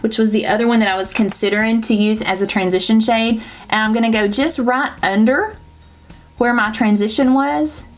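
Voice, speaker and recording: A woman with a Southern US accent, chatting and rambling through a casual makeup tutorial as a beauty vlogger. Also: a little high. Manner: chatty, rambling, self-correcting with laughs.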